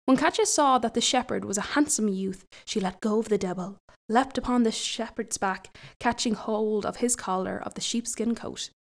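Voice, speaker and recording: A woman reads a folk tale aloud with an easy storytelling delivery. Now and then she breaks off for chatty asides. Her voice sits fairly high for a woman. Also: normal speed. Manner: chatty asides between passages.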